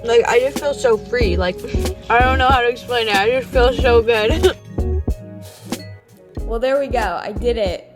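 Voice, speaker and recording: A young woman vlogging casually into a phone camera, filling her talk with "like" and dropping soft and low between bites. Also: normal speed. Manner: chatty, many "like" fillers, soft and low during eating. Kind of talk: casual vlog chat. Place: car and fast-food restaurant. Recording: loud music bed under voice.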